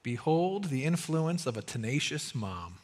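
A man hosting a faith interview, asking questions in a deliberate, emphatic way. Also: on the high side, sing-song, in a large hall, noisy background. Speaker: talk show host.

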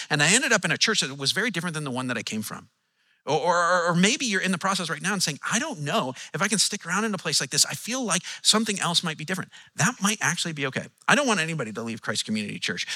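A man preaching a sermon as pastor, animated and acting out the quotes he tells with changing tones. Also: on the high side, breathy edge. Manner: animated, acts out quotes with shifting tone.

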